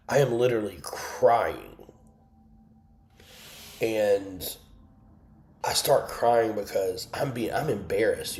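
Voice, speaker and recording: Man, low-pitched, candid and emotional, tells his own story on a livestream in an echoey room. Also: a little mellow, slight background noise. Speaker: host of an online Bible study. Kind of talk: personal testimony on a livestream.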